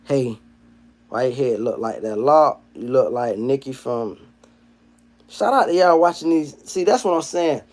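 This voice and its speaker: A man hosting a casual livestream, reading chat comments aloud. His talk is slangy and profane, and it swings from low mumbled asides to loud, heated rants. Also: animated, a little slow. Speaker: livestream host.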